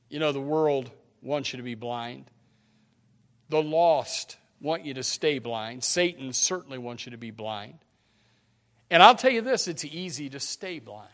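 A man preaching a sermon with emphatic repetition, swinging from hushed to loud. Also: fairly high pitch.

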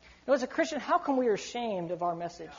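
Preaching urgently to young people, this man has an extremely high, slightly rough voice with big pitch swings and a quick pace. He's emphatic and acts out quoted voices of what people might say. The highs are cut off.

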